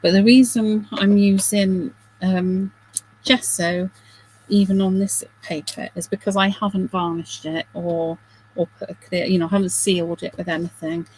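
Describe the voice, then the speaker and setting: A woman's voice: on the low side, steady tone, moderate pace, darkish tone, slightly rough, poor audio. A middle-aged woman hosting a craft video, chatting casually and self-deprecatingly while she works, with giggly asides.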